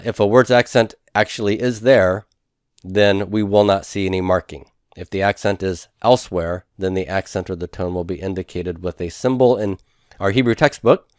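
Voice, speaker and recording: A man teaching a recorded lesson in a methodical way, repeating each word slowly for his students. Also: fairly low pitch, no room sound, studio quality. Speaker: Hebrew instructor. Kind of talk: recorded lecture over handouts.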